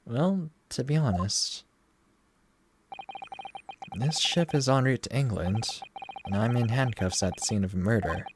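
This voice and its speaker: A man's voice: mid-range voice, a little slow, long pauses, background noise, natural voice. A man doing a flustered young defendant. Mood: wary. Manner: flustered, protesting. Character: exasperated young male defendant. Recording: game music underneath.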